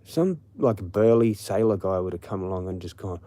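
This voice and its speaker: Brief: Australian man, livestream host, low mellow voice, rambling profane rant. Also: expressive, moderate pace, few pauses, no room sound. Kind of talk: late-night casual rant.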